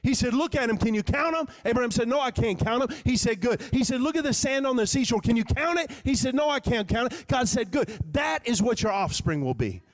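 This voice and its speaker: A man's voice: very high voice, lively intonation, brisk, hardly any pauses. A male pastor preaching a live sermon in a church, talking conversationally and acting out prayers as quoted speech. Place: church sanctuary. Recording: live church hall reverb.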